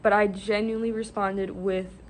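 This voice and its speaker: A young woman talking in a casual vlog, excitable and gushing, with lots of "like" and "literally". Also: medium pitch, normal speed, slight background noise. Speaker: vlogger.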